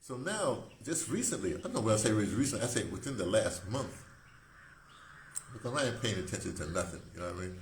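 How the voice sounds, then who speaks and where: A man's voice: on the low side, expressive, quick pace. A man around seventy, hosting a rambling, casual monologue, often breaking off and circling back mid-thought. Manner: digressive, self-interrupting, conversational. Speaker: host. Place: room, indoors. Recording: echoey room with faint hiss.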